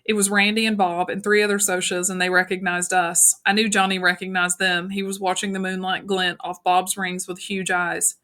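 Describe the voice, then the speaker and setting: A woman reading a novel aloud in an even, unhurried narration with small slips. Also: medium pitch. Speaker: audiobook narrator.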